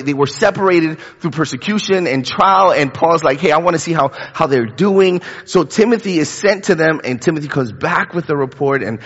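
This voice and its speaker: A man's voice: a little high, fairly bright tone, husky. A man in his thirties preaching a casual, conversational sermon, talking in a chatty way with frequent fillers and repeated words. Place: church sanctuary. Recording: dull lo-fi with long hall reverb.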